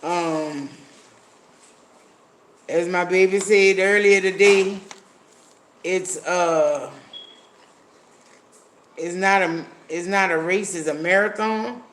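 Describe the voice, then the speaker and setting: A man with a high voice talks slowly and bluntly on a livestream, swearing freely and thanking viewers by name. A faint hiss of noise sits under his voice. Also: a bit bright. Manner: blunt, profane, reads viewer comments aloud. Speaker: livestream host. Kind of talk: casual livestream chat.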